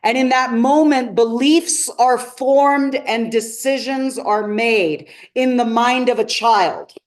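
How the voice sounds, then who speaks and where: Female seminar coach, higher voice, emphatic, engages the room with questions. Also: slow pace. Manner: emphatic, asks the audience questions. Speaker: transformational coach. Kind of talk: live seminar teaching.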